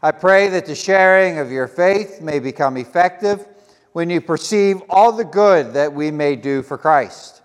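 A fairly high-voiced man gives a sermon in a church, leading a prayer and reading scripture. He stutters now and then and slips in casual, self-deprecating asides. His voice rings out with a long reverb through the sanctuary. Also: clear, resonant tone. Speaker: pastor.

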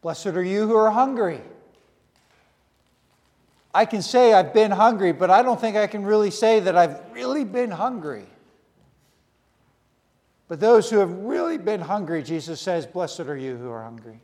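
Earnest preacher in a reverberant hall. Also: male voice, high voice, lively intonation, darkish tone. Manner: earnest, speaks in short repeated phrases with pauses. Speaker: pastor. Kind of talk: sermon.

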